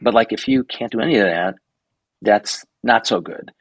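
A man in his sixties, a guest photographer telling stories in a casual interview, animated, swearing freely and acting out the people he quotes. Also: lowish voice, normal speed, no room sound, poor audio. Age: 60s.

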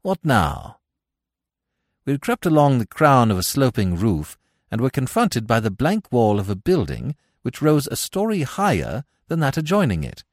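A man giving scripted narration of a classic tale in a measured, expressive way. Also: medium pitch, no room sound, studio quality. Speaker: audiobook narrator.

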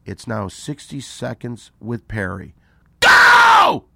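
A man's voice: fairly low pitch, animated, moderate pace, vocal fry, a little hiss or hum. A man hosting a comedy podcast, bossy and teasing, pushing his co-host along. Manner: bossy, teasing, often whispering asides. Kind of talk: casual comedic podcast banter.

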